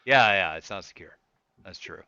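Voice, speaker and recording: A man's voice: low-pitched, animated, normal speed, sharp tone, clean tone, no room sound, lo-fi sound. A man co-hosting a casual gaming podcast, teasing and enthusiastic, swearing as he talks. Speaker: podcast co-host.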